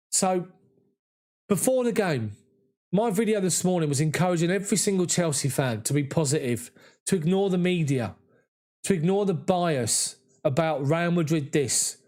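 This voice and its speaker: A man giving emotional, excited live fan commentary on a match. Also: a little high.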